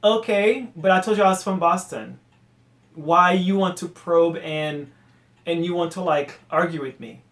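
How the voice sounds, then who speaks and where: A man rants on his solo podcast in a high-pitched voice. He is animated and exasperated, then drops to quiet mutters. The room around him rings with a noticeable echo. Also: measured pace. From Haiti. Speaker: podcast host. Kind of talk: casual solo rant.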